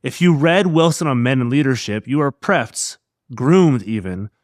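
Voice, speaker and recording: A man host narrating a scripted podcast episode in a measured, pointed way. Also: mid-range voice, expressive, no echo, clean studio sound.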